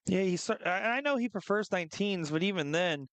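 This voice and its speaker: A man commentating live darts, chatty and joking, with quick analytical asides. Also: sits high, lively intonation, a bit bright, no room sound.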